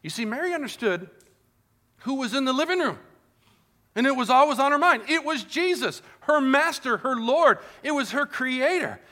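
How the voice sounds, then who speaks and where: High, bright-voiced preacher. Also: male voice, expressive, moderate pace. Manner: earnest, rhetorical questions, shifts between loud and hushed. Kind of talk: sermon.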